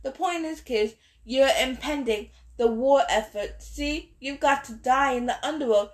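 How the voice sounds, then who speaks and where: A woman's voice: high-pitched, a little slow. A woman voicing a swaggering, mocking war god. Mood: taunting. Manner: swaggering, taunting. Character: brash mocking adult male war god.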